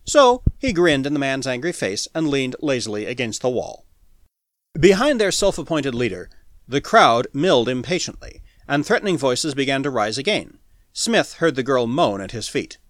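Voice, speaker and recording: A man narrating a pulp science fiction story as an audiobook in a dramatic, animated reading. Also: mid-range voice, normal speed, dry recording, studio quality.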